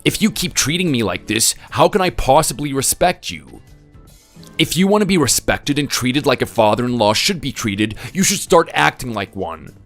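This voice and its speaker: A man's voice: medium pitch, big pitch swings, normal speed, a bit bright, soft background music. A man voicing an exasperated son-in-law in a voice-acted text story, speaking bluntly and scolding. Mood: angry.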